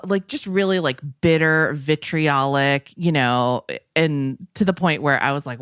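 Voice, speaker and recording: Low-voiced woman telling a chatty story. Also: normal speed, hardly any pauses, a bit bright, smooth, dry recording, clean studio sound. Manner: chatty storyteller, acts out quotes. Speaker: podcast co-host. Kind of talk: casual chat.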